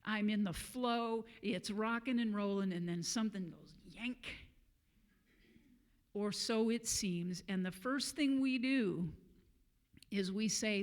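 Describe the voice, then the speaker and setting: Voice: mid-range voice, takes it slowly. A guest speaker giving a conversational sermon at a church service, telling a story with frequent fillers and chuckles.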